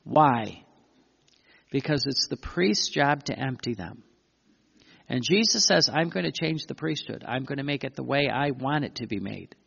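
A man preaching a sermon, reading passages aloud and commenting on them with emphatic phrasing and frequent pauses. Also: mid-range voice, expressive, creaky, a bit bright, slightly rough. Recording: dull lo-fi recording with long hall reverb.

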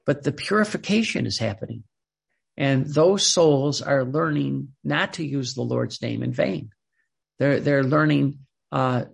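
A man preaching a sermon in an earnest, halting way, often repeating words as he searches for the next thought. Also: mid-range voice, creaky, husky.

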